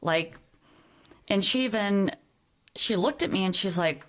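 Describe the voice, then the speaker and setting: A woman's voice: medium pitch, measured pace, pauses often. A middle-aged woman, a podcast guest, telling a personal story in earnest conversation and acting out the quoted dialogue.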